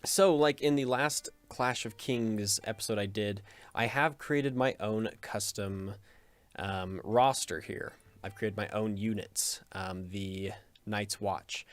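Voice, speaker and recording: A man's voice: on the low side, no room sound. A man hosting a gaming video in casual let's play commentary, joking and rambling, often cutting himself off with a chuckle.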